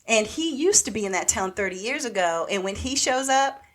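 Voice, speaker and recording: A woman's voice: a little high, expressive, brisk, a bit bright. A woman co-hosting a casual podcast, animatedly retelling a TV plot and acting out the characters' lines. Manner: rambling, with many "like" and "so anyway" fillers. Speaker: podcast co-host. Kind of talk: casual chat.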